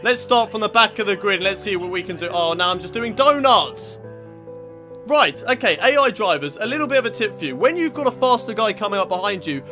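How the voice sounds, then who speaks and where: A young British man commentating his own racing game run, frustrated and sweary, shouting at rival drivers. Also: high-pitched, animated, fairly quick, soft background music. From Britain. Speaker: gaming YouTuber.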